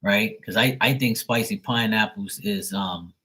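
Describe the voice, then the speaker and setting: A man with a low, husky voice tells stories from his stream in loose, rambling chat. He swears freely and mocks the trolls, often breaking into laughter. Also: measured pace, sharp tone. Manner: profane, mocking, laughs often. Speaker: livestream host.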